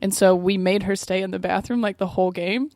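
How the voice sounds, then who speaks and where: A woman's voice: medium pitch, steady tone, fairly quick, a little mellow, no room sound, studio quality. A woman co-hosting a podcast, telling a story in casual chat, laughing often and swearing freely. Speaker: podcast co-host.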